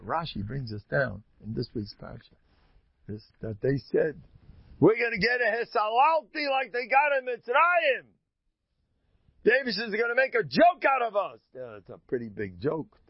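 A man teaching a Torah class, telling the stories in an animated way and acting out the characters. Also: medium pitch, gravelly, breathy edge, no echo, muffled recording.

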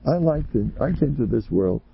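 Gravelly older man telling rambling stories. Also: medium pitch, expressive, normal speed, muffled recording, slight background noise. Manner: chatty and joking, jumps to loud exclamations. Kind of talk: rambling storytelling sermon.

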